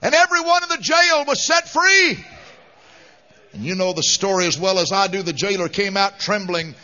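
Male preacher, fervent and emphatic, high-pitched, recorded muffled in a reverberant hall. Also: lively intonation, normal speed, sharp tone. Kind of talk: sermon. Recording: dull lo-fi sound with long hall reverb.

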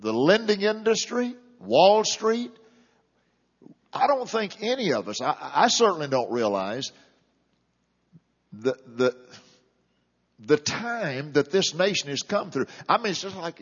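A man's voice: fairly high pitch, sing-song, unhurried, long pauses, slightly rough. An older male pastor preaching a sermon in a church with impassioned, rising and falling emphasis. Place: church sanctuary. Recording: dull, lo-fi, long hall reverb.

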